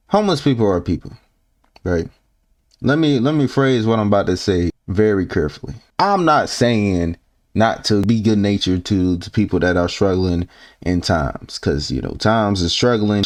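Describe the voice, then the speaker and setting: A man's voice: deep voice, expressive, normal speed. A man hosting a reaction video, talking bluntly and casually, swearing and restarting his sentences as he riffs on clips.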